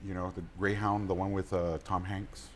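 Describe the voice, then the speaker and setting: A man's voice: deep voice, level tone, moderate pace, over a noisy crowd. A man answering a talk show host's questions in a TV studio, stumbling and repeating words. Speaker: guest, political candidate. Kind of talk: casual interview answers.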